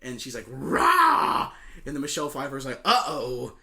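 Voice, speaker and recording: Bright-voiced young man recapping a movie. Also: mid-range voice, flat delivery. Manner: swearing, laughing, quick plot retelling with goofy quoted voices. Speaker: podcast co-host.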